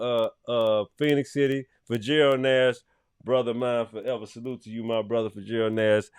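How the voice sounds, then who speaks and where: A man's voice: medium pitch, smooth, no echo. Loose, profane man on a dry mic. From Columbus, Georgia. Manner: loose, profane, loud bursts then trailing off. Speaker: podcast host. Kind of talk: casual shout-outs on a live show.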